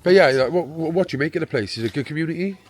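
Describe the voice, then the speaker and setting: A man's voice: on the high side, expressive, rapid-fire. Chatty man interviewing locals. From Cardiff, Wales. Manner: chatty, friendly questions. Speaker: vlogger and interviewer. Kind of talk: casual street interview. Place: outdoors on a housing estate.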